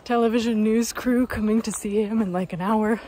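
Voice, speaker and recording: A woman's voice: fairly high pitch, steady tone, a little fast, dark tone, slight background noise. A young woman from Canada chatting upbeat to her camera outdoors on a hiking trail, telling a story with lots of fillers. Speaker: hiker vlogger. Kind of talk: casual chat to camera.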